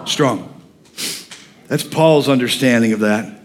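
A middle-aged male pastor preaching a folksy, animated sermon in a church and quizzing the congregation as he goes. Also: mid-range voice, slow pace, pauses often. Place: church sanctuary.

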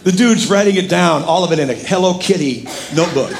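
A man's voice: fairly high pitch, a little fast, gravelly, noisy background. A middle-aged male pastor preaching a sermon, telling a story with jokes and acting out the other people's lines. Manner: animated, jokey storytelling with quoted voices.

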